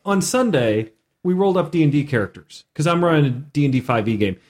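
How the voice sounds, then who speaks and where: A man's voice: a little high, big pitch swings, quick pace, a little mellow. A man who is a player in a tabletop game, chiming in eagerly with jokes during a casual podcast chat. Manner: eager, jokey, chimes in.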